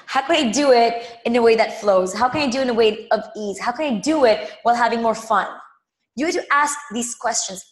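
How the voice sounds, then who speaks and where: A woman's voice: on the high side, animated, fairly quick, reverberant. A woman leading a live money coaching session, emphatic, repeating phrases and calling viewers by name. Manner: addresses viewers directly by name.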